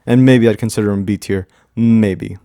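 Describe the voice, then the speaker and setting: A man's voice: on the low side, steady tone, normal speed, warm tone, no echo. Guy rambling casually about music, lots of "you know" and repeats, dry close sound. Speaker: music reviewer. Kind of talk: casual commentary.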